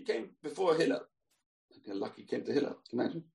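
Gravelly animated man telling a Talmud story. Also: high voice, fast, recorded from a distance. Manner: animated, acts out the characters' lines. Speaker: Torah teacher.

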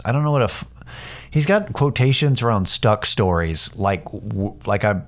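A man with a lowish voice rants on his podcast, sarcastic and profane. He rambles, restarts sentences and swears freely as he mocks things that irritate him. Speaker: podcast host. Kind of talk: casual ranting monologue.

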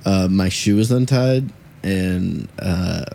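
Deep-voiced young man, rambling. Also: takes it slowly, gravelly, warm tone. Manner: rambling, loose, easygoing. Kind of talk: casual chat.

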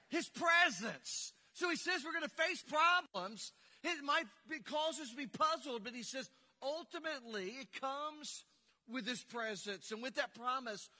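A man's voice: very high voice, pushed and bright. A male pastor preaching a sermon with call-and-response and humor, in a church sanctuary. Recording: echoey church hall.

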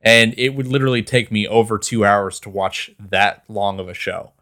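A man's voice: lowish voice, normal speed, sharp tone. A man co-hosting a podcast, chatting casually and cursing freely. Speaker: podcast co-host. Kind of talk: casual chat.

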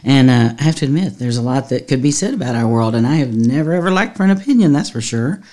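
A woman's voice: rumbling low, animated, quick pace, dark tone. A woman pastor talks through her podcast in an earnest, conversational way. She laughs easily and sounds like she is chatting, not preaching from a pulpit. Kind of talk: teaching podcast monologue.

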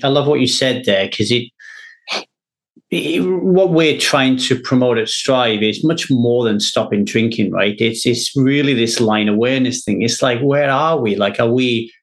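A man's voice: mid-range voice, a little slow. A man hosting a podcast, talking earnestly in a rambling, repetitive way. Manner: earnest, rambling, repeats words when thinking. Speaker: podcast host. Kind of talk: casual podcast chat.

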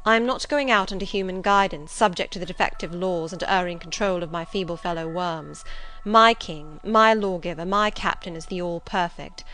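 A woman's voice: on the low side, moderate pace, bright, forceful tone. A woman reading the part of a stern, zealous male missionary in an audiobook, speaking in a solemn, insistent, preaching way. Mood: solemn, earnest.

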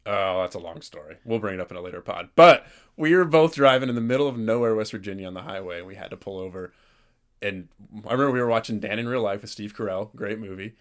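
A man's voice: on the low side, fast talker. A young man co-hosting a podcast, chatting casually and reflectively with a friend. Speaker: podcast co-host. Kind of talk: casual chat.

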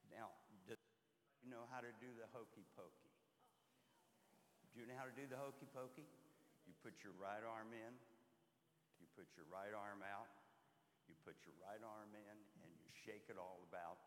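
A man praying aloud, then leading the children's time in a church, gentle and playful. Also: lowish voice, moderate pace, long pauses. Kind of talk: prayer and children's lesson in church. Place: church sanctuary. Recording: echoey church hall with long reverb.

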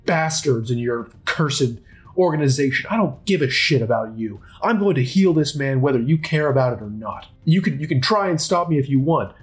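A righteous male healer adventurer in a tabletop game, as a man voices him, speaking with impassioned conviction. His voice sits at an ordinary middle pitch. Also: expressive, normal speed, natural voice. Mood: defiant.

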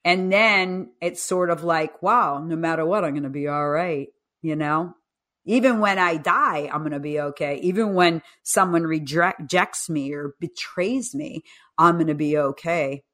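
A woman's voice: deep voice, unhurried. A woman in her fifties, a guest coach and author, telling stories with animation in a podcast interview and acting out the voices she quotes. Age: 50s. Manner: animated storyteller who acts out quoted speech.

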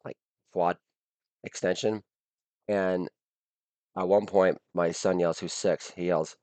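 A man hosting a podcast with a blown-out, hoarse voice, delivering a crude comedic rant broken up by sudden shouted catchphrases. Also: sits low, expressive, takes it slowly, pauses often, no room sound. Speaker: podcast host.

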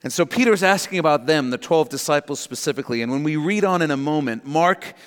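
A man's voice: fairly high pitch, animated, fast talker, smooth, long reverb tail. A man preaching a sermon as pastor, earnest and emphatic, repeating his key lines for the congregation.

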